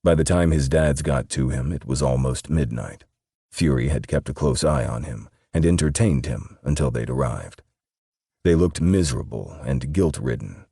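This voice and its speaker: A man reading an audiobook in steady, measured scripted narration. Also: very deep voice, slightly rough, dry recording, studio quality.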